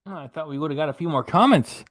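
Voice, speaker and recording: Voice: medium pitch, quick pace, dry recording. A casual, chatty livestream host talks straight to viewers, thanking them by name and reading comments aloud. The sound is close and dry, with no room around it.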